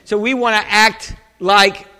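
A man's voice: high voice, level tone, measured pace, bright, forceful tone, clear, resonant tone. A male pastor preaching a sermon to a congregation in a church, talking conversationally with restarts and calling out for amens. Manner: call-and-response preaching, asking for amens. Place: church sanctuary. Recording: echoey hall with long reverb.

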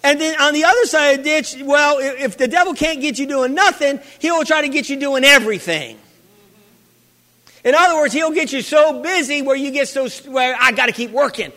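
A man's voice: very high voice, moderate pace, sharp tone. A male pastor preaching a sermon, repeating his phrases and calling out for amens from the congregation. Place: church hall. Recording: long reverb of a big hall.

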